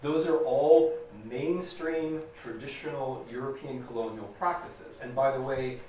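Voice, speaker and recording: An American man delivers a public lecture with emphatic, deliberate stress, circling back to repeat his key points. His mid-pitched voice sounds set back from the mic, in a very reverberant hall with a faint hum of ambience. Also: steady tone, dark tone. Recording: echoey hall recorded from a distance.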